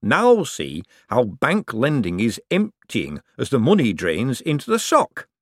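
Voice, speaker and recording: A man voicing an eager, fussy little male bank economist who talks slowly and earnestly. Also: medium pitch, huge pitch swings, fairly bright tone, no room sound, studio quality, voice pushed up, exaggerated voice.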